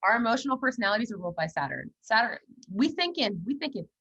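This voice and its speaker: A woman's voice: fairly high pitch, fast talker, husky, muffled recording. A young woman chatting casually on a podcast, telling blunt stories and acting out the quotes. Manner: blunt, animated storytelling with acted-out quotes. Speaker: podcast co-host. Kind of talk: casual chat.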